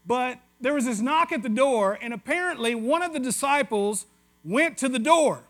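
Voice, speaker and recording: A man's voice: extremely high pitch, animated, normal speed, a bit bright. A man with a West Tennessee Southern accent preaching a sermon in a conversational, joking way, with asides to the congregation. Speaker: pastor.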